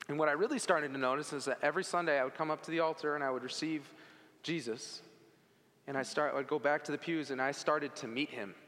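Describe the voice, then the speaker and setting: A man with a somewhat high, bright and forceful voice gives a personal faith testimony to an audience, speaking earnestly and conversationally with casual asides to his listeners. A long reverb follows his words, as though he were in a large hall.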